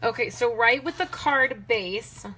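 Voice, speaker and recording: A chatty woman runs a casual live crafting demo, thinking out loud and talking straight to her viewers. Her voice is bright and forward, and a faint hiss sits under it. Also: on the high side, animated, a little slow. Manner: reads and answers viewer comments. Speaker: card-making demonstrator.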